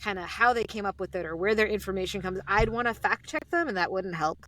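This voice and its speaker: A woman with an American accent, chatting casually as an interview guest about her sleep podcast, animated and quoting her own thoughts. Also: mid-range voice, fast, slight background noise. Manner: chatty, animated, quotes herself.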